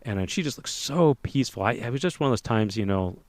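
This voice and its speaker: A man co-hosting a podcast, telling a lively personal anecdote in a casual way. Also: mid-range voice, quick pace, no room sound. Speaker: podcast co-host telling a story. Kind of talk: casual storytelling.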